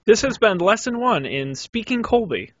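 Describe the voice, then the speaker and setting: A man's voice: high voice, sing-song, normal speed, dull audio, slight background noise. A man hosting a tech podcast, with playful, jokey introductions. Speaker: podcast host.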